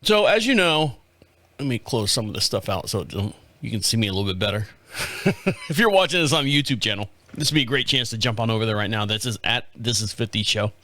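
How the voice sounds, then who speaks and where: A middle-aged man hosting his own show, telling a story in a casual, profane, animated way and laughing at himself. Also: mid-range voice, fast talker. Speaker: podcast host. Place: home studio.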